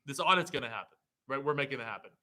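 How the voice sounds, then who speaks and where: A man's voice: mid-range voice, animated, racing, pushed and bright, poor audio. A man who is a state representative, speaking heatedly and emphatically as a guest in a political interview. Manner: heated, emphatic, rising to indignation.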